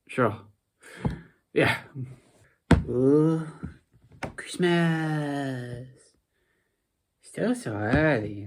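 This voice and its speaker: A sleep-deprived young vlogger rambles through a casual chat in an unhurried drawl. The voice stays mid-pitched but swings up and down a lot, sinking into drowsy mumbles and then jumping into sudden animated bursts. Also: gravelly.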